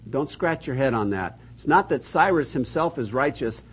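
A man's voice: mid-range voice, expressive, normal speed, husky, poor audio. Folksy older man teaching a Bible class. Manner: folksy, joking, reads scripture aloud with emphasis.

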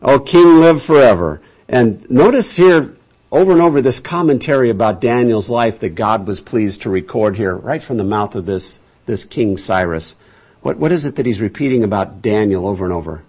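A pastor with a lowish, husky, slightly mellow voice speaks expressively at a moderate pace. His conversational Bible-teaching sermon is folksy, chatty storytelling marked by frequent restarts.

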